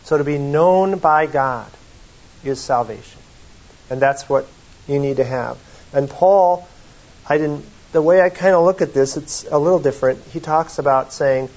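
A man's voice: fairly high pitch, darkish tone. A man preaching a sermon in a folksy, conversational way, often reading quotations aloud, in a slightly muffled recording.

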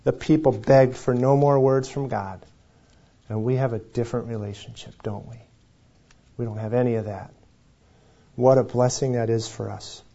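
A man's voice: medium pitch, steady tone, moderate pace, long pauses, warm tone. An older man preaching a sermon as pastor, talking in a conversational, folksy way with jokes and scripture readings. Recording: slightly dull lo-fi recording.

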